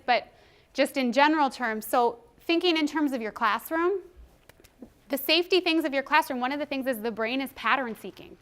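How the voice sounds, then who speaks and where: Woman presenter, high voice, animated trainer who acts out quotes. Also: clean tone.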